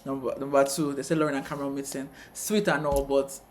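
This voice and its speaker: A man co-hosting a casual TV review chat, retelling scenes with quick asides. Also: medium pitch, little pitch movement, slight background noise. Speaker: co-host of a TV review channel.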